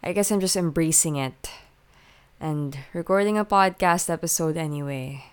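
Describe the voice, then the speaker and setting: A young woman in her twenties hosting a casual podcast, her voice nasal and blocked from allergies, talking in a soft, reflective way. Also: low-pitched, moderate pace, clear, resonant tone. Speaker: podcast host. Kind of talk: casual solo podcast talk.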